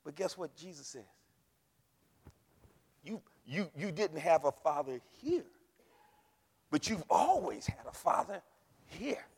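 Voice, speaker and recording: A man's voice: high voice, very animated, slow pace, gravelly, pauses often, a bit bright, slightly rough. A man preaching a fiery sermon in a church, leading the congregation in call and response. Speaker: pastor. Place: church sanctuary. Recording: long hall reverb.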